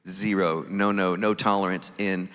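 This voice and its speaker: A man's voice: deep voice, moderate pace. Guy telling a story on stage, acts out what he said, echoey big hall. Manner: animated, acts out his own quoted reactions. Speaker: conference speaker. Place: conference stage in a large venue.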